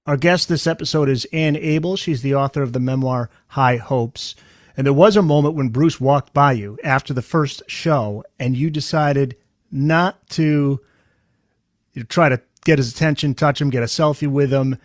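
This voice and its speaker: A man hosting a podcast, asking measured, prepared interview questions. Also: mid-range voice, dry recording, clean studio sound. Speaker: podcast host.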